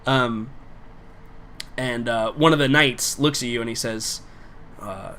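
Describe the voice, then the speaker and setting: A man's voice: mid-range voice, takes it slowly, long pauses, sharp tone, slight background noise. A man narrating a tabletop game as game master, casual and rambling with many fillers.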